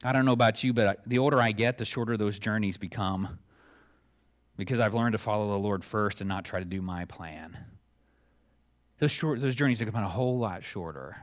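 Middle-aged male pastor, relaxed conversational sermon delivery with playful acted-out exchanges. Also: on the low side, fairly quick. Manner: conversational, chuckling asides, acts out dialogue.

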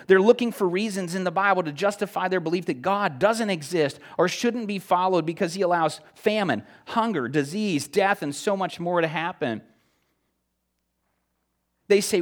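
Impassioned male preacher with a higher voice. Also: moderate pace. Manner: lively, swings from loud excited retellings to hushed near-whispers. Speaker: pastor. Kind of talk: sermon.

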